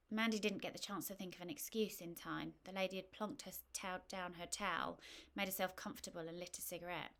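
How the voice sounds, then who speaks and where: A woman reading a short story aloud, with a wry, gently humorous delivery. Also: on the low side, steady tone, fast, hardly any pauses. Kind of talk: scripted narration.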